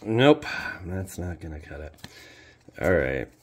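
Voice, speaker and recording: A man hosting a card-opening video in casual commentary, swinging between loud exclamations and low muttered asides. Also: sing-song, slow. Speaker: card-opening channel host.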